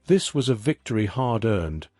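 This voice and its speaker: A man's voice: lowish voice, sing-song, normal speed, warm tone, no echo, studio quality, soft background music. A man reading the lines of a grave, solemn male Jedi master in a scripted story.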